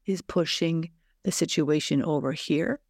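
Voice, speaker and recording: A woman's voice: low voice, unhurried, creaky, a little mellow, husky, no room sound, studio quality. A woman hosting a reflective solo podcast, reading aloud and musing earnestly, posing questions to her listeners. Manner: earnest, conversational, poses rhetorical questions to listeners. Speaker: podcast host.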